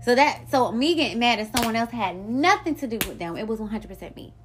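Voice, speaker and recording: A woman hosting her own podcast, talking in a blunt, profane and animated solo monologue about her life. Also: on the high side, fast, background noise. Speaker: podcast host.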